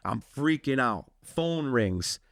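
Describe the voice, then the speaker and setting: A man's voice: medium pitch, lively intonation, slow, a bit bright, no echo, clean studio sound. A man co-hosting a podcast, telling a story in casual chat, acting out the people in it and swearing freely. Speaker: podcast co-host.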